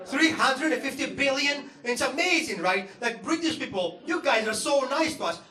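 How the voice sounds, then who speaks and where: Greek comedian, high voice, roomy club. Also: male voice, lively intonation, moderate pace, pushed and bright, distant mic, slight background noise. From Greece. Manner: sardonic, profane, mock-outraged. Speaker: stand-up comedian. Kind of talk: stand-up comedy set. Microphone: stage microphone. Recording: roomy club sound from the audience, with crowd laughter. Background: audience ambience and laughter.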